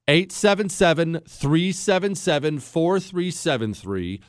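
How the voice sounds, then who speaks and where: A man in his forties hosts a radio talk show, his voice jumping between high and low as he acts out a story. The studio sound is close and dry, with no room in it. He quotes other people with playful outrage. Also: no echo. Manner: animated storytelling, mock-outraged quoting.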